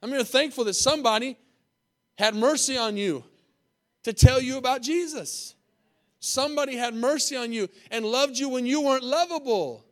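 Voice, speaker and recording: A man's voice: very high voice, moderate pace, a bit bright. A man preaching a sermon as pastor in a church, repeating phrases and asking the congregation "Amen?".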